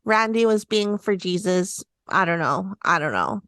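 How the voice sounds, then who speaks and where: A woman's voice: on the low side, expressive, a little slow, fairly bright tone, no room sound. A woman recording a casual clip, playfully giggling as she repeats a hard word. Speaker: clip sender. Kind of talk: casual chat.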